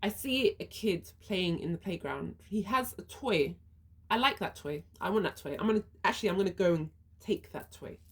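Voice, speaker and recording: A woman's voice: on the low side, expressive, normal speed, fairly bright tone, slightly rough. A woman speaking her views in an earnest monologue, walking through a hypothetical first-person story step by step. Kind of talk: reflective monologue.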